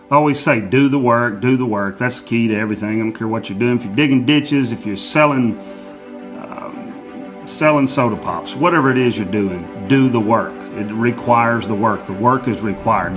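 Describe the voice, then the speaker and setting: A man giving a casual motivational monologue in a folksy, repetitive way, with many fillers and restarts. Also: fairly low pitch.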